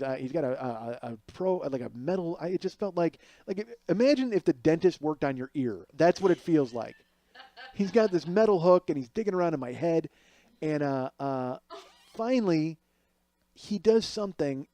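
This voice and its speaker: Dark-voiced man telling a comic story. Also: a little high, no echo. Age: middle-aged. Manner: animated, acts out other people's voices. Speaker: podcast host.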